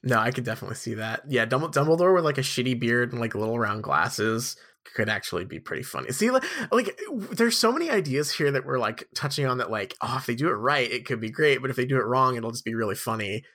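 A man's voice: medium pitch, big pitch swings, fast, hardly any pauses, a bit bright. A man co-hosting a podcast in casual chat, rambling and jokey with lots of fillers. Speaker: podcast co-host.

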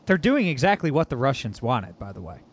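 A man's voice: medium pitch, sing-song, brisk, dry recording. A man hosting a political podcast, talking casually and animatedly, mocking and laughing often. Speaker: podcast host. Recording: dull lo-fi audio.

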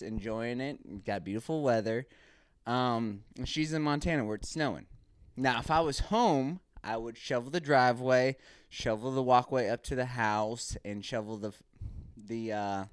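A man's voice: medium pitch, smooth, no room sound. A man hosting his own podcast, telling a candid, rambling story about home life in a casual monologue. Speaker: podcast host. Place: Texas, recorded live.

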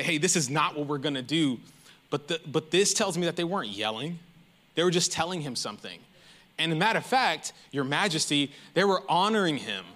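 A man preaching a sermon in a loose, conversational and animated storytelling way. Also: high voice. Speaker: pastor.

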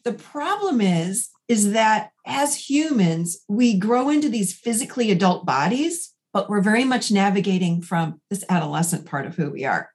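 Animated woman therapist telling stories. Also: mid-range voice, normal speed, few pauses. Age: 40s. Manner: animated storyteller acting out dialogue. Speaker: therapist and guest. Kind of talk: conversational podcast interview.

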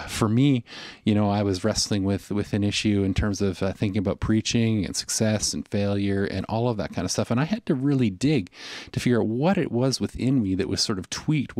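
Man, low voice, conversational sermon, reflective, fillers, dry close recording. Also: darkish tone, dry recording. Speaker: pastor.

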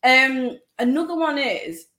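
A woman from Manchester with a Mancunian accent, co-hosting a podcast in blunt, animated casual chat. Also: high-pitched, slow, roomy sound. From Manchester, England. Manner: chatty, blunt and animated, lots of "like". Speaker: podcast co-host.

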